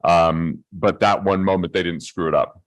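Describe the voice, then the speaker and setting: A man's voice: sits low, steady tone, moderate pace. A man in his forties hosting an interview, musing thoughtfully on the guest's story. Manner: reflective, musing. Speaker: host. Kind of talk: interview conversation.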